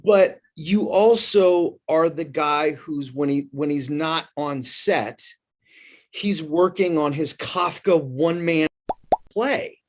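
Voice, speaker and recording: A man's voice: fairly high pitch, slow. A man hosting an interview, enthusiastic and effusive, stumbling over his words with praise. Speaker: interview host. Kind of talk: interview host chat.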